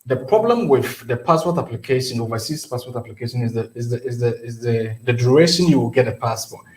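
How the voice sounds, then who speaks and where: Ghanaian lawyer explaining at length. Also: male voice, medium pitch, expressive, quick pace, roomy sound. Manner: explains at length, mixing English with Twi phrases, many fillers. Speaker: immigration lawyer. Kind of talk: call-in legal advice on a talk show.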